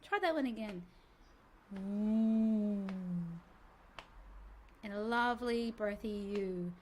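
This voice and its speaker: A singing teacher leading a relaxed vocal warm-up lesson, chatty and encouraging with self-mocking asides. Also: female voice, a little high, moderate pace, a little hiss or hum.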